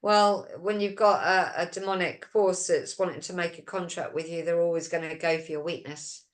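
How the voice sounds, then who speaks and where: A woman hosts a relaxed talk show and talks through a long story, voicing the lines of each person in it. Her voice sits fairly low for a woman. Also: moderate pace. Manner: storytelling, retelling quoted dialogue; reads listener questions aloud. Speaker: host. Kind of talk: casual chat.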